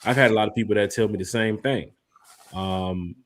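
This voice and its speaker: A man co-hosting a casual live fan podcast, reading out viewer shout-outs with energy. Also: fairly low pitch, moderate pace. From lived in Memphis. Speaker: podcast co-host. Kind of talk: casual live-stream chat.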